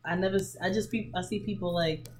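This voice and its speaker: A woman's voice: lowish voice, steady tone, quick pace, darkish tone, slight background noise. A woman co-hosting a podcast, chatting animatedly and laughing often while eating. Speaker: podcast co-host. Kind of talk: casual chat while eating.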